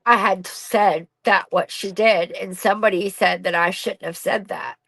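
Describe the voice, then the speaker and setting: A woman's voice: medium pitch, steady tone, moderate pace, vocal fry, fairly bright tone, dry recording, low-quality recording. Blunt, raw-spoken middle-aged woman. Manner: blunt and raw, swears freely. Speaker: podcast guest, bereaved mother. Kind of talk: candid personal storytelling.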